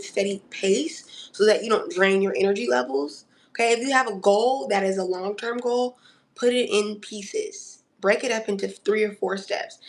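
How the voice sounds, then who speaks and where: A woman giving a casual spoken astrology reading who coaches the listener and keeps checking in with "okay?", calling them honey and darling. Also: medium pitch. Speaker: astrology reader.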